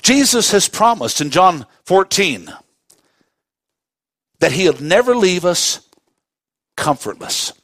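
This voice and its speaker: A male pastor preaches with a fairly high voice. He stretches key words slowly and swings from quiet intensity to loud emphasis, heard close and dry. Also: sing-song, no room sound. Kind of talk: sermon.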